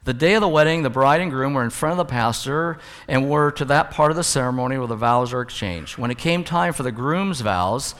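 A male pastor preaching a sermon in a church sanctuary, his mid-pitched voice carrying a long hall reverb. He talks in a relaxed, conversational way from the pulpit and mixes in humorous stories. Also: fairly quick, few pauses.

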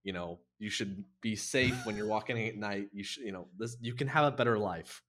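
A man's voice: fairly low pitch, brisk, fairly bright tone. A man in a casual podcast chat, wry and teasing.

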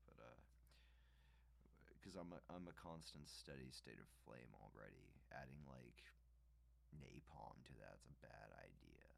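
A man's voice: rumbling low, creaky, a bit bright. A man hosting his own podcast, talking in a loose, profane, rambling way and laughing often. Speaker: podcast host. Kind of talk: casual rambling monologue.

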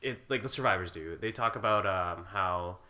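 A man's voice: low voice, moderate pace, pushed and bright. A young man co-hosting a podcast, rambling in casual chat with lots of fillers and laughs. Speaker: podcast co-host.

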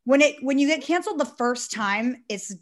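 Chatty woman on a podcast, kinda high voice, says like a lot, tells it animated. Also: moderate pace. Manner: animated storytelling, lots of "like". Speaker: salon owner, guest. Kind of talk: casual podcast conversation.

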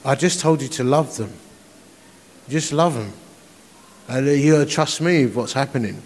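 A man voicing the calm, firm inner voice of a divine spirit, speaking quietly and matter-of-factly. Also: moderate pace, close to an everyday voice. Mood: gentle. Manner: quiet, low, matter-of-fact. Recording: echoey conference hall.

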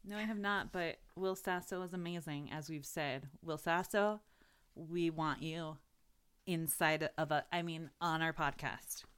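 A woman's voice: low voice, steady tone, unhurried, fairly bright tone, clean tone. A woman co-hosting a podcast in casual chat, blunt and sarcastic, swearing freely. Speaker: podcast co-host.

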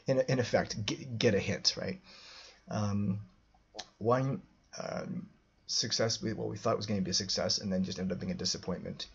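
Guy rambling through a story, very raspy voice, lots of ums, muffled lo-fi sound. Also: fairly low pitch. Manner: rambling, full of restarts and fillers. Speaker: podcast host. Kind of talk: personal storytelling monologue.

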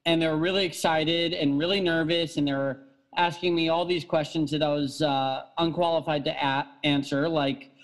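Man with a high voice, casual storyteller who rambles and restarts often. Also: fairly even intonation, normal speed, low-quality recording. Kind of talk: casual chat.

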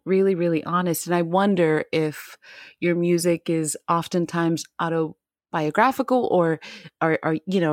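Halting, chatty woman interviewer, dry sound. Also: low voice, no room sound. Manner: halting, filler-heavy questions, laughs often. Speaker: interview host. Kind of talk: casual interview conversation.

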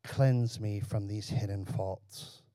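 A man's voice: lowish voice, fairly even intonation, slow, mellow, no echo. Man preaching a sermon, dry sound. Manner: conversational, asks the congregation questions, jokes. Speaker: pastor.

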